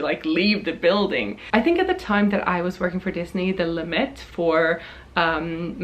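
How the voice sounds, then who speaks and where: A woman in her twenties from Norway, telling a storytime vlog in a chatty, animated way with frequent laughs and swearing. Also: mid-range voice. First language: Norwegian. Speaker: vlogger.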